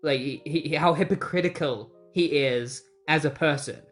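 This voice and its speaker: A comic book reviewer recapping issues in a casual, chatty manner, full of incredulous asides. The voice sits at a middling pitch. Soft music plays faintly underneath. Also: moderate pace.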